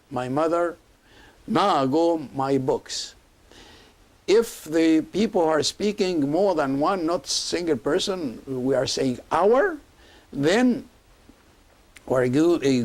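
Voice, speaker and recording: Man, slow deliberate teaching, patient, repeats sounds. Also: a little high, animated, darkish tone. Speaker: language teacher. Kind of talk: recorded language lesson.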